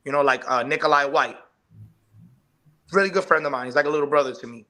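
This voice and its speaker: A man's voice: fairly high pitch, fast, sharp tone. A man, a professional wrestler, talking as the guest on a live online interview show, with emphatic hype-style delivery. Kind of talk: podcast interview.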